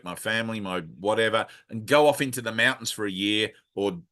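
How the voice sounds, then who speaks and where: This is a man talking casually about spiritual life. His voice is bright and forceful. He is blunt and earthy, tosses in a curse now and then, and drifts from one aside to the next. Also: mid-range voice. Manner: blunt and frank, swears freely, rambling with many asides. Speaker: spiritual teacher leading a satsang.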